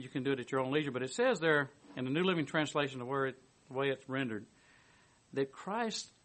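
Speaking at a medium pitch, this man preaches a sermon by reading a commentary aloud with personal remarks mixed in. He is lively, shifting from forceful emphasis to hushed quiet.

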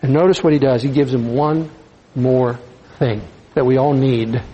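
A man preaching a sermon in a conversational, folksy style, dropping softer for emphasis. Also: medium pitch, normal speed, highs cut off, slight background noise.

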